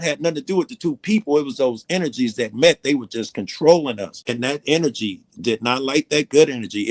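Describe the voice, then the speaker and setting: A man's voice: medium pitch, dry recording. A man telling long, earnest stories in a casual, rambling way, swearing freely. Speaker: guest storyteller. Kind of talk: casual storytelling.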